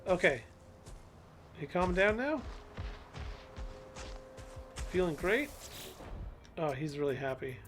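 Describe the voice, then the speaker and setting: A man's voice: on the high side, very animated, a little slow, fairly bright tone, slight background noise. A man hosting a live game stream, chatting casually and cooing at in-game animals as he plays.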